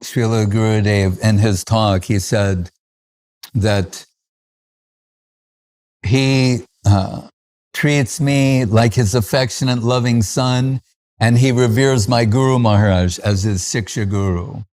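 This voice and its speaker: Man telling devotional anecdotes warmly. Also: fairly low pitch, slow. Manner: chuckles often while recalling stories, with frequent fillers. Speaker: spiritual teacher giving a festival talk.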